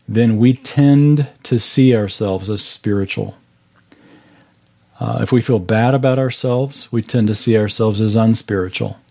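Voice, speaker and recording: Guy with a warm relaxed voice walking a bible class thru the verses, earnest, says things twice. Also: fairly low pitch. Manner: earnest, explains verse by verse with repetition. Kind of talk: Bible study teaching. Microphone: video call.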